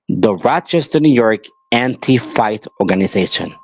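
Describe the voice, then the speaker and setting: Medium in pitch yet animated, this podcast host talks slowly and leaves long pauses, with no echo in the recording. His monologue is angry and emphatic, pleading with listeners and going over the same ground.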